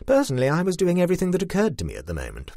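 A man reading a short story aloud in a dry, wry, expressive manner. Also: high-pitched, very fast, no echo.

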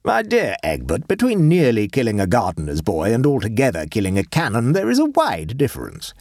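A man voicing Sir Lulworth, an urbane, wry elderly English gentleman who speaks in dry, unhurried epigrams. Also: mid-range voice, wildly swooping pitch, no echo, pitched above the performer's own voice.

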